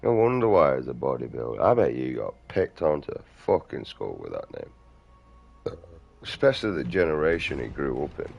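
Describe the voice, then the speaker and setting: Very deep gravelly-voiced man. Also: sing-song, moderate pace, dull audio. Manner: crude, outspoken, mumbling asides. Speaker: vlogger. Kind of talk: rambling casual monologue.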